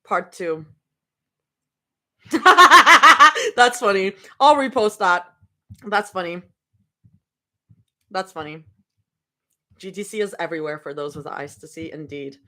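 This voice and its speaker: A woman's voice: on the low side, a little slow, pauses often, fairly bright tone. A young woman streaming from home, chatting casually and rambling between snacks during a live reading. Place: home room.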